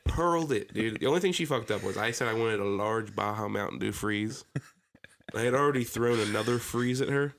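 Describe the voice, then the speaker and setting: A man's voice: lowish voice, a little fast, gravelly. A young man with a Philadelphia-area American accent, chatting casually on a podcast and acting out his stories with lots of swearing. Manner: animated storytelling, swears a lot, acts out quotes loudly. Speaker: podcast co-host. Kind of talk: casual chat.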